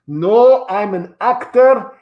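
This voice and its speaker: A man's voice: high-pitched, lively intonation, slow, dull audio. A man playing a rambling, self-important actor who claims to be Shrek, his fake accent slipping between Scottish and Australian, heard over an echoey video call. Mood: boastful.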